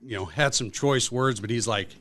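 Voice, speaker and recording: A man's voice: medium pitch, moderate pace, fairly bright tone. A man who is a guest on a podcast, telling workplace stories in a rambling, casual way with lots of fillers. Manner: rambling anecdotal storytelling with many fillers. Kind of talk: casual storytelling.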